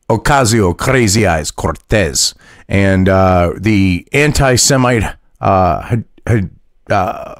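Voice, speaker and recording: A man's voice: lowish voice, no room sound, studio quality. A man hosting casual political commentary, mocking and profane, reading news aloud and reacting to it. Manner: mocking, profane, laughs at his own jokes.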